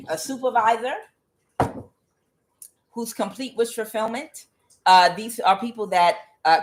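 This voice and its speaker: A woman giving a tarot reading as an angry, profane rant, mocking the people she blames and filling pauses with "uh". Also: mid-range voice, very noisy. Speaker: tarot reader. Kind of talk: ranting tarot reading monologue.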